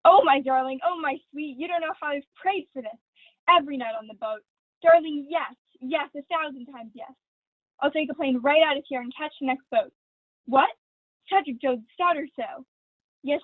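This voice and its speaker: A woman's voice: high-pitched, moderate pace, dry recording, natural voice. A young woman acting a vain, gushing glamorous stage actress in a school play read over a video call. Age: teens. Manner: theatrical, affected, honeyed. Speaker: student actor. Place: at home. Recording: dry, tinny video call audio.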